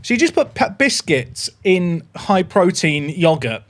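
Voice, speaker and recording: A young man hosting a casual livestream, chatty and excitable as he talks to his viewers. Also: high voice, unhurried. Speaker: livestream host.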